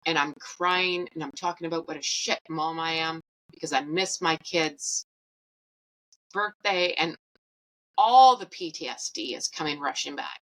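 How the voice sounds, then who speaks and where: A woman recounts her own story in a talkative, rambling way, frank and unfiltered. Her voice sits a little low but has a bright, forward edge. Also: unhurried, poor audio. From Canada. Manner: chatty, rambling, candid. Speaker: podcast host. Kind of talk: personal storytelling.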